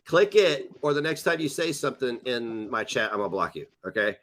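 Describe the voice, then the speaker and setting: A man hosting a casual livestream chat, animated and teasing. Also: medium pitch, slight background noise. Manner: animated, mocking, quick to tease. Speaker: livestream host.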